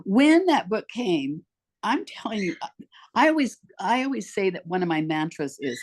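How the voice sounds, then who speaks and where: Lively woman in her eighties telling stories. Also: fairly low pitch, moderate pace. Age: 80s. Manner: animated storyteller, acts out quoted voices. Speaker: podcast guest, author. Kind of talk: casual storytelling interview. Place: home.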